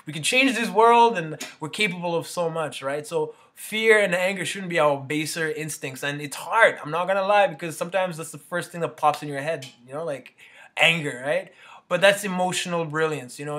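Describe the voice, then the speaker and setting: A man giving a casual motivational street talk, rambling as he goes and tagging on "right?" and "you know". His voice sits a little high, with a bright, forceful edge. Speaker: motivational speaker.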